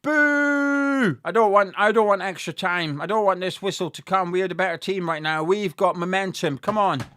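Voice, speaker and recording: Excitable, foul-mouthed male fan commentator; bright, close, dry delivery. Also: sits high, brisk, no room sound. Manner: sweary and excitable, shouting at goals. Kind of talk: live fan watch-along commentary.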